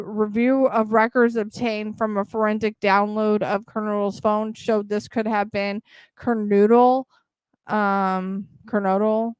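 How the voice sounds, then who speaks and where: A woman hosting a true crime podcast, reading court documents aloud at a steady pace, stumbling on names and breaking off for quick casual asides. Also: mid-range voice, smooth, no echo.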